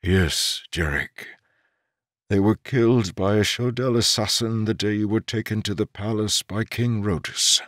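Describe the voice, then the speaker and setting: A man voicing a quiet, loyal male servant who speaks softly, slowly and with measured solemnity. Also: fairly low pitch, no room sound, studio quality, pitched above the performer's own voice. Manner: soft, slow and measured.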